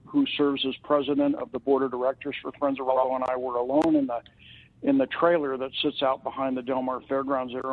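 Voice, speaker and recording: A man telling a long anecdote on a radio talk show, voicing the quoted lines of the people in it. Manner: anecdotal, acts out quoted dialogue with rising pitch. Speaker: charity representative guest. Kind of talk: casual storytelling on radio. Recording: lo-fi radio broadcast audio.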